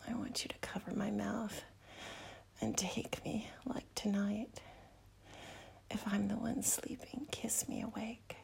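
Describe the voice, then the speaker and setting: Breathy woman in whispered role-play. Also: mid-range voice. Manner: breathy intimate whispering with soft murmurs.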